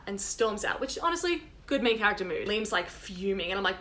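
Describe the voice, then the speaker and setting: A young woman, co-hosting a casual chat and telling stories with quick asides. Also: mid-range voice. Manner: animated storyteller, quick asides and laughter. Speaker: podcast co-host.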